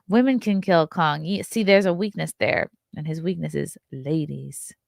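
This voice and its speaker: A woman giving a casual, joking movie review, acting out the characters' lines in quick little voices. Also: fairly low pitch, vocal fry, no echo, clean studio sound. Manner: animated, jokey, acts out voices of characters.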